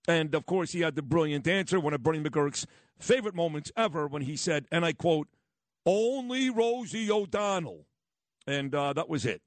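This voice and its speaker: A man from Brooklyn with a New York accent, hosting a talk radio show with a blunt, brash and animated way of telling stories. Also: fairly high pitch, brisk, no room sound. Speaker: radio host. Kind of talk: opinionated talk radio monologue.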